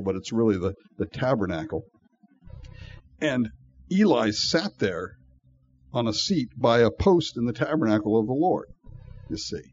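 A man's voice: medium pitch, a little mellow, dull audio, a little hiss or hum. A man preaching a sermon in a folksy, conversational way, with asides to the congregation. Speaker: pastor.

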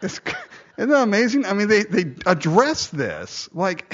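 A man's voice: sits high, big pitch swings, a little slow, highs cut off. A man preaching a sermon, reading scripture aloud and breaking off into jokey, conversational asides.

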